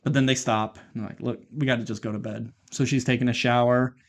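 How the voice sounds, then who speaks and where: A man co-hosting a podcast retells a movie plot in a rambling, casual film recap, swearing and performing the characters' lines. His mid-range voice moves fast with fairly even intonation.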